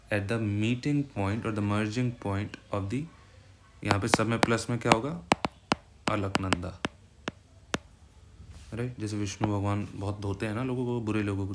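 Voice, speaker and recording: Indian teacher with loud background noise. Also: male voice, on the low side. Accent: Indian English. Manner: explanatory, checks in with frequent "right?". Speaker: exam-prep teacher. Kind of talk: classroom lecture mixing English and Hindi.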